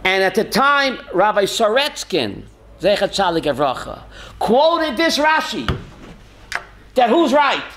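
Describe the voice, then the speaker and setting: In an unhurried manner and with a voice that sits high, a rabbi runs a lively Torah class, calling on students by name, asking rhetorical questions, and chuckling a lot. Slight background noise can be heard.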